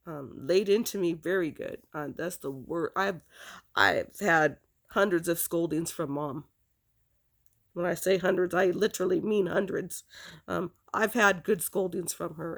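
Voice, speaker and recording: A woman's voice: fairly low pitch, vocal fry. A woman telling a painful personal story from her past in an earnest, emotional way, often stopping and restarting her sentences. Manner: halting, with frequent restarts and fillers.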